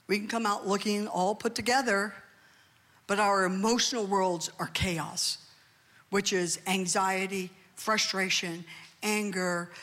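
A middle-aged woman preaching to her congregation, her mid-range voice lively and earnest. She drives each point home and keeps asking for amens. Her sermon rings out with a long reverb from a large hall. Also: mid-range voice. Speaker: pastor. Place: church hall.

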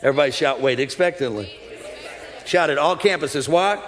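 Animated preacher in a reverberant church hall. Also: male voice, moderate pace. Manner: animated, swings between loud exhortation and low confiding asides. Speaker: pastor. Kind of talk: sermon. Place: large church auditorium.

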